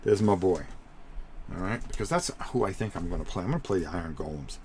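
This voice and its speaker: A man's voice: low voice, lively intonation, fast, mellow, slight background noise. A middle-aged man hosting a live stream, walking viewers through tabletop game rules in a rambling, chatty way and often repeating himself.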